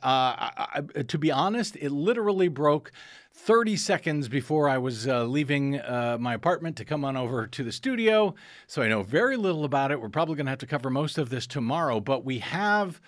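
A man's voice: fairly high pitch, dry recording. A man hosting a talk radio show from a studio, out of breath and joking about himself. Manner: lively, joking, self-deprecating.

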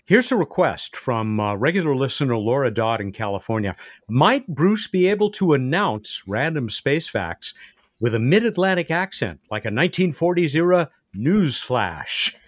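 Male radio host, animated delivery, dry studio mic. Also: medium pitch, moderate pace, no echo. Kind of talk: radio hosting.

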